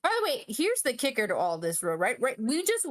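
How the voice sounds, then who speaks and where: Animated, swearing woman telling a story. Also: fairly high pitch, fairly quick. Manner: animated and expressive, swears freely, laughs often. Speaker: friend recounting a tabletop game session. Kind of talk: casual storytelling on a stream.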